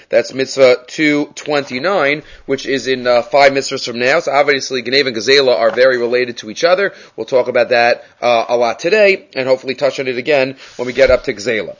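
A man giving a casual Torah class, switching between Hebrew terms and English, with animated emphasis on key points. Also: medium pitch, highs cut off. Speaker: Torah teacher. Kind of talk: daily Torah class on the mitzvot.

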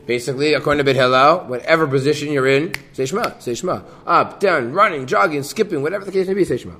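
A man teaching a Talmud class, reading the Aramaic text and explaining it in English with a lively delivery. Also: medium pitch, fast. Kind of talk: Gemara class.

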